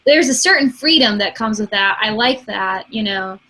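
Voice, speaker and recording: A woman's voice: mid-range voice, animated, moderate pace, bright, forceful tone. A woman in her twenties from Michigan with a slight Michigan accent, chatting casually and laughing easily. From Michigan, USA. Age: 20s. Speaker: co-host. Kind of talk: casual chat.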